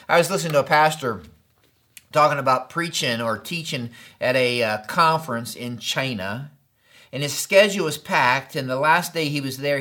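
A man's voice: on the high side, fairly bright tone. A middle-aged man preaching a sermon in a conversational, storytelling way, often checking in with the listeners. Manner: conversational, storytelling with acted quotes and frequent "right?". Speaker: pastor.

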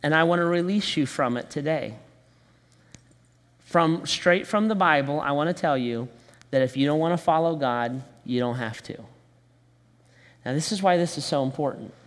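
Man preaching in a reverberant hall. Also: fairly high pitch. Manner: conversational preaching with quick asides and slow emphatic phrases. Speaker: pastor. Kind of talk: sermon.

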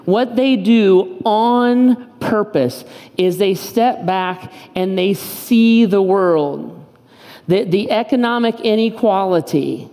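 A man's voice: high-pitched, takes it slowly, dark tone, long reverb tail. A man preaching a sermon as pastor, in an impassioned, emphatic way with lots of repetition. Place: church auditorium.

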